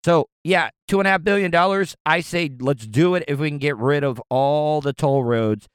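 A man's voice: fairly high pitch, moderate pace, smooth, dry recording, clean studio sound. A young man ranting casually with lots of profanity, often stumbling and repeating words as he reacts to news clips. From Florida, US.

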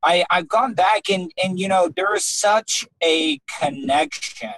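A man's voice: high-pitched, unhurried, a bit bright, rough recording. A man from the United States, hosting a podcast interview and stumbling through long, rambling questions. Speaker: podcast host.

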